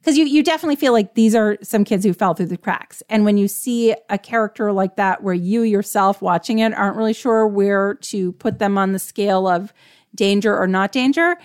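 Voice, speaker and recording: A woman's voice: mid-range voice, fairly quick, darkish tone, clean tone. A woman co-hosting a casual discussion, reflective and chatty, leaning on lots of filler words. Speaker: podcast co-host.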